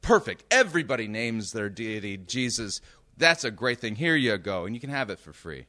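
A man's voice: lowish voice, big pitch swings, normal speed, pushed and bright. A man playing a cheerful male shopkeeper who eagerly sells made-to-order gods, with breezy sales patter. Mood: upbeat salesy.

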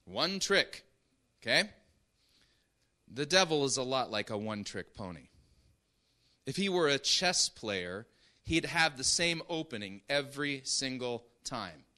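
A man's voice: mid-range voice, big pitch swings, unhurried, pauses often, pushed and bright. A male preacher giving an emphatic sermon, often checking in with his listeners. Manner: emphatic, keeps checking in with "right?" and "okay?".

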